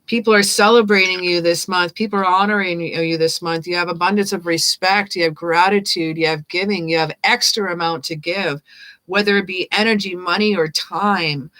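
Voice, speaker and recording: A woman's voice: lowish voice, a bit bright. A woman giving a live-stream tarot reading as host, talking in an upbeat, playful and affirming way. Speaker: tarot reader.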